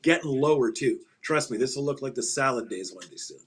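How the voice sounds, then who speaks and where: With lively intonation and a fairly quick pace, a middle-aged male guest on an interview podcast speaks in a mid-range, slightly bright voice tinged with breathiness. A financial advisor by trade, he tells emphatic, animated stories, repeating punchlines and laughing at his own jokes.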